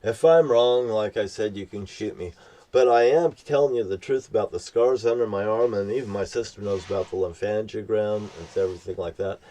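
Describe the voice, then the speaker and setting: A man's voice: lowish voice, a little fast, mellow. An older man with a profane, ranting manner, rambling through a personal story he tells as a vlogger. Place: outdoors near a beach. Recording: distant from the mic.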